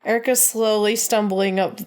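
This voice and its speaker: A woman describing her character in a tabletop game, slow and giggly. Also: medium pitch, steady tone, noisy background. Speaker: player.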